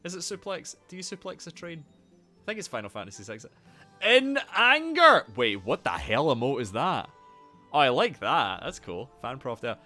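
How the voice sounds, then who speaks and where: A young man live-streaming a game, chatting casually and loudly greeting viewers by name, with a rambling, swearing manner. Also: mid-range voice, brisk, soft background music. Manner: animated, loud greetings to viewers.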